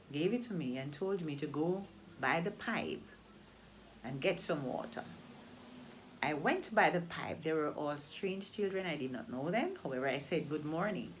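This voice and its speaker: Low-voiced Jamaican woman telling a story. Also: a little hiss or hum. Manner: deliberate, repeats phrases for emphasis. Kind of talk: oral storytelling.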